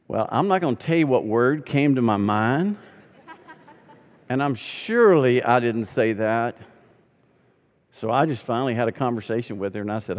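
A male pastor preaching a sermon, telling the story with animated delivery and acting out the voices of its people. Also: mid-range voice, moderate pace, pauses often. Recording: long hall reverb.

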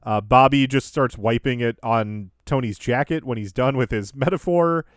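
A man's voice: medium pitch, moderate pace, no echo. Man recapping a wrestling show, dry sound. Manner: recaps events in order, laughs easily. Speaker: podcast host. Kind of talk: casual recap chat.

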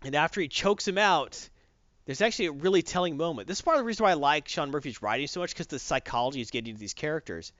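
A man co-hosting a casual podcast chat, telling a comic story in an animated way and acting out the quotes. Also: fairly high pitch, fast talker, no room sound, highs cut off. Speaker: podcast co-host recapping comics.

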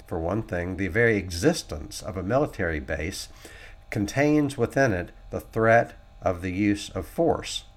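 Earnest man with a lowish voice. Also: animated, measured pace. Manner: earnest, reads quotes aloud with sarcastic asides. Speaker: commentator. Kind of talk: political commentary talk.

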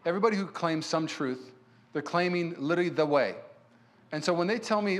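A male pastor preaching a sermon in a church, telling stories in an animated way and acting out what people said. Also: fairly high pitch, brisk. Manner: animated storyteller who acts out quotes. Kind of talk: sermon with personal storytelling.

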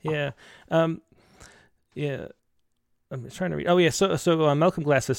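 A man's voice: fairly high pitch, measured pace, gravelly, long pauses, no echo, clean studio sound. A man hosting an interview in casual conversation, earnest and hesitant, restarting his sentences often. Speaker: podcast host.

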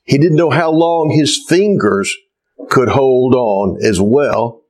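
Male pastor, sermon delivery, slow and measured, very animated pitch. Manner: unhurried storytelling with lively pitch.

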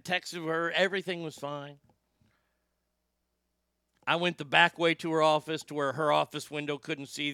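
Loud foul-mouthed radio guy spinning a yarn, highish bright voice, dry studio sound. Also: creaky, smooth, dry recording. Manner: profane, loud and emphatic storyteller. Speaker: radio show host. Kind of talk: storytelling on a talk show.

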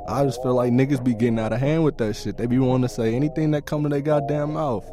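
A man's voice: medium pitch, fast, few pauses, music in the background. A man hosting a podcast, delivering a casual, profane comedic rant full of laughs. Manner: animated, profane, laughing storytelling. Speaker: podcast host.

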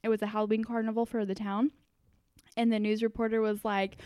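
A giggly woman co-host telling stories in an animated, casual podcast chat. Her voice is high, and the recording is close and dry. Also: a little fast, dry recording.

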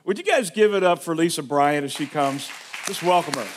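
Hesitant pastor with a higher voice. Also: male voice, brisk, noisy background. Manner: hesitant, with many fillers. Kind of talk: introducing a guest speaker.

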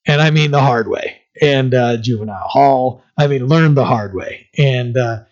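A man's voice: mid-range voice, normal speed. A man preaching a sermon in a conversational way, reading scripture and retelling it with fillers and restarts. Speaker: pastor. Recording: slightly dull lo-fi sound.

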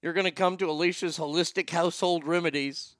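A man holds forth as a show host in a loose, rambling, folksy way, swearing freely and restarting his sentences. His voice is bright and forceful, smooth and clear, and pitched a bit high for a man. The sound is close and dry, with no room around it. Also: fairly even intonation, fast talker, no echo. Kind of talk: casual talk-show monologue.

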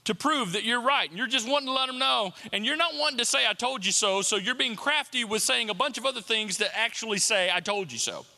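A man's voice: very high-pitched, fast talker, vocal fry, few pauses, sharp tone, big-room sound. A man preaching a sermon as pastor, talking conversationally and repeating rhetorical questions to the congregation.

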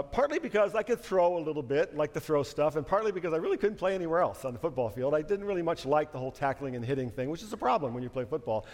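A middle-aged man preaching a sermon in a conversational, storytelling way. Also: on the high side. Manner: conversational, anecdotal, animated in stories. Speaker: pastor. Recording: long hall reverb.

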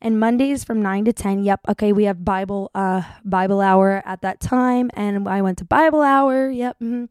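A young adult woman vlogger telling a story in a chatty, animated way and acting out what people said. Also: mid-range voice, normal speed, hardly any pauses, clear, resonant tone, no echo. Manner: chatty, animated, acts out quotes. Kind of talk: casual storytelling vlog.

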